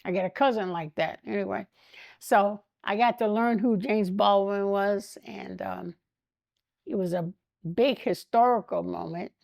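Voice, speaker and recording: An older woman, a guest in an interview, telling animated stories and acting out the voices of the people in them, often breaking into laughter. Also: mid-range voice, a little slow, vocal fry, no room sound, studio quality. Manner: animated anecdotes, laughs often, acts out quotes. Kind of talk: storytelling interview.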